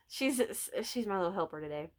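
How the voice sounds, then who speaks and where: A woman's voice: mid-range voice, lively intonation, normal speed. A middle-aged woman with a Southern Illinois accent chatting casually about her crochet projects, telling stories and laughing often. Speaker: vlog host, crocheter. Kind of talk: casual chat.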